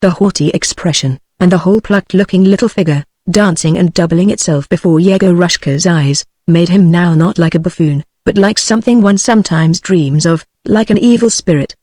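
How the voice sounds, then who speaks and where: A British-accented woman's text-to-speech voice reading a storybook aloud in an even, flat manner. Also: fairly low pitch, brisk, few pauses, no echo. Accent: British English. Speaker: audiobook narrator.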